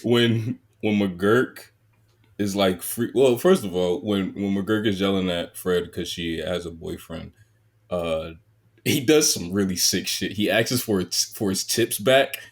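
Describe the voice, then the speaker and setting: A man on a casual podcast who swears freely, laughs often and drops to a low mutter at times. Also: unhurried. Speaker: podcast guest.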